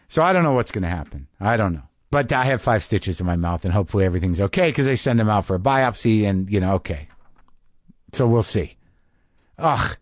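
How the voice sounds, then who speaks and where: A man's voice: on the low side, animated, fairly quick, no room sound. A man hosting a podcast, telling a rambling, self-deprecating story in a casual comedic monologue. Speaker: podcast host.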